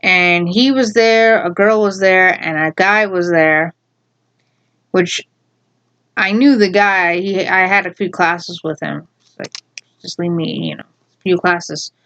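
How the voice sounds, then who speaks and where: A woman telling a story from her school days in a casual, rambling way, repeating herself and adding animated asides. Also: lowish voice, slow pace, lo-fi sound. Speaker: storyteller vlogger.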